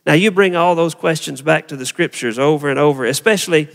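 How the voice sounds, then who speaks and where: A slightly high-voiced male pastor preaching a sermon in a chatty, down-to-earth way, often putting questions to the congregation. His voice rings out with a long echo, as in a big sanctuary. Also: fairly quick, creaky. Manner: conversational preacher asking the congregation rhetorical questions.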